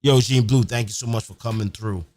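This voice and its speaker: A man's voice: mid-range voice, fairly even intonation, fairly quick, a little mellow, dry recording. A man hosting a live-streamed podcast, ranting emphatically and profanely, often tagging his sentences with "man". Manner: emphatic, repetitive, keeps saying "man"; profane, fired up. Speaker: podcast host. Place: home recording setup near a big city.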